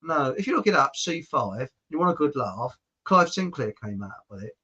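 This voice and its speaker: A man from England with a bright, ringing voice that sits a little high. He hosts a relaxed podcast conversation, telling long rambling stories and laughing his way through them. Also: moderate pace, breathy edge, highs cut off. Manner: chatty storyteller, laughs often, rambling anecdotes. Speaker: podcast host. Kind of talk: casual chat.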